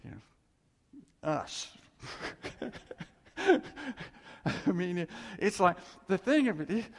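Man, preacher, conversational sermon, lively swinging voice, long church reverb. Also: sits high, drawn-out words, pauses often, husky. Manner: animated and conversational, laughs between points.

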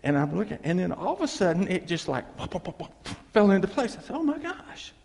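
A man telling a funny personal story to a live audience, animated and self-deprecating, dragging out his punchlines. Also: sits high, quick pace, creaky. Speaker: speaker addressing a live audience. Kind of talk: humorous personal storytelling talk. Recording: long reverb of a large hall.

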